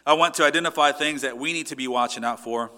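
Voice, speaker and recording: A man preaching with a bright, forceful voice that rings out across a large church sanctuary. His tone is earnest, and he slows down and leans into each scripture quote. The long reverb of the hall trails after his words. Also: fairly high pitch. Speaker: pastor. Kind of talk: sermon.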